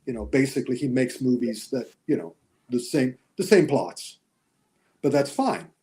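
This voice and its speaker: A man chatting as a guest on a movie discussion show, animated and chuckling as he tells his opinions. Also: medium pitch, normal speed. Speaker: guest film critic and author.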